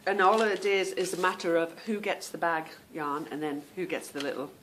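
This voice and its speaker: A woman's voice: lowish voice, normal speed, fairly bright tone, a little hiss or hum. A woman hosting a podcast, chatting casually at home and calling her listeners "girl" and "girlies". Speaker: podcast host. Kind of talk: casual chat.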